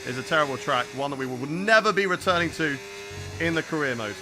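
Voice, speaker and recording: A man's voice: fairly high pitch, lively intonation, fast, background noise. A young man live-streaming a racing game, chatting casually and answering viewer questions between laps. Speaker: gaming streamer.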